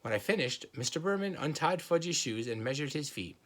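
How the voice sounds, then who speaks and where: A man reading a children's chapter book aloud in a steady storytelling manner. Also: on the high side, a little fast. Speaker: reader.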